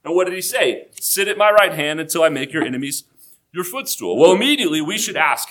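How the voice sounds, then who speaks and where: A male pastor delivering a sermon in a slightly high voice. He walks through the text point by point, slowing down for emphasis, with touches of dry humor. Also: expressive, a bit bright.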